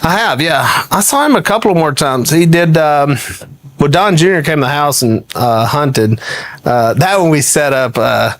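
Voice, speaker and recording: A man's voice: fairly high pitch, normal speed. A man, a guest telling an anecdote in conversation and often laughing as he talks. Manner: animated, laughs often while telling stories.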